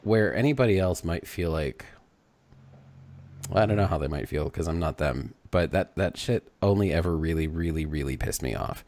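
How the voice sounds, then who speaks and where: Man, very deep voice, lively ups and downs, hesitant and filler-heavy, casual podcast chat. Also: moderate pace. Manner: loose, hesitant phrasing with many fillers. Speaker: podcast co-host.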